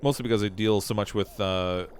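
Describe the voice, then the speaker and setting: A man's voice: fairly low pitch, fairly even intonation, a little fast, soft background music. Canadian man thinking aloud while streaming. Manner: self-mocking, thinks aloud while building. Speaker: game streamer. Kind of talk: casual livestream commentary.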